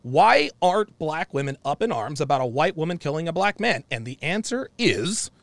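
A man's voice: fairly high pitch, very animated, moderate pace, gravelly, no room sound. A man from the United States hosting a call-in show, blunt and opinionated, cutting in on callers with repeated interruptions.

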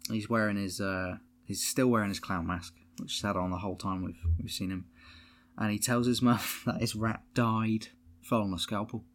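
A man, casually recapping a horror film as podcast co-host, laughing often, swearing freely and acting out lines in quick voices. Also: on the low side, steady tone.

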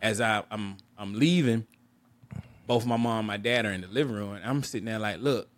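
A man with a fairly low voice tells a personal story on a podcast. He talks candidly and reflectively, often restarting and repeating words as he works through his thoughts. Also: fairly quick. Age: adult. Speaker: podcast co-host.

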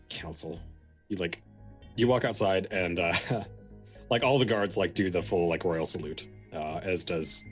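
Low guy running a tabletop game, lots of "like" and "uh", soft music behind. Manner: loose, filler-heavy narration. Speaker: game master.

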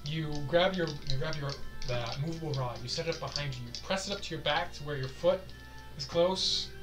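A man's voice: on the high side, fairly quick. A man running a tabletop role-playing game, describing the action step by step as game master. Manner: vivid, step-by-step scene narration. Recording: music playing under the voice. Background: background music.

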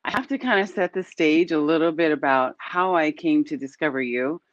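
A woman hosting an interview over a video call, telling stories in a lively way and laughing often. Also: low-pitched, moderate pace, lo-fi sound. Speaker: host.

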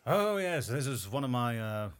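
A man, a voice actor guest on a podcast, talking in a casual, animated way with lots of fillers. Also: mid-range voice, moderate pace. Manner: animated, chatty, full of fillers.

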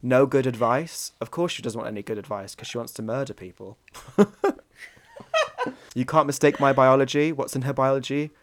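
A man's voice: mid-range voice, steady tone, moderate pace. A man from North East England co-hosting a podcast in casual comedic chat, joking crudely and laughing often. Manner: giggly, crude, mocking. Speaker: podcast co-host.

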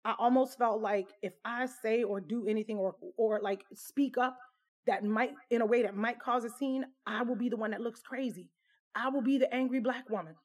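Woman telling her own story, chatty, lots of "like" and "you know", kinda high voice. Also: moderate pace. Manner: candid, conversational, full of fillers. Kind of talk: casual personal storytelling.

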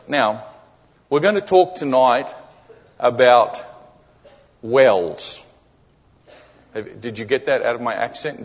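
Husky-voiced preacher in an echoey church. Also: male voice, mid-range voice, measured pace, long pauses. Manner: conversational, often checking in with the congregation; repeats key phrases for emphasis. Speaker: guest preacher. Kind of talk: sermon. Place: church sanctuary. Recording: echoey hall, dull lo-fi sound.

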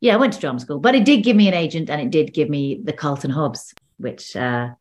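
A woman's voice: deep voice, expressive, brisk. A woman actor talking casually in an interview over a video call, chatty and full of restarts. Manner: chatty, restarts often, laughs between stories. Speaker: actor and guest.

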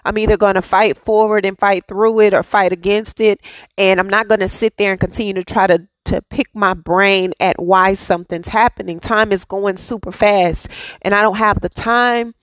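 A woman's voice: medium pitch, fairly even intonation, moderate pace, no echo. A woman hosting a daily devotional, speaking with fervent, repetitive affirmations and casual asides to her listeners. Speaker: devotional host.

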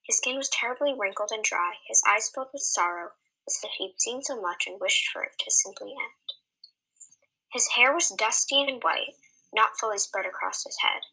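A woman co-hosting a podcast, reading a fantasy story aloud in a steady, measured way. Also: fairly high pitch, creaky, slightly rough, poor audio. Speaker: podcast co-host and story reader.

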